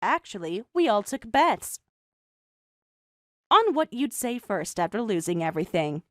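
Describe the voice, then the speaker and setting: A young woman voicing a calm, mocking designer who also narrates the story in first person. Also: mid-range voice, dry recording, studio quality. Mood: cold mocking. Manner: cool, mocking, measured.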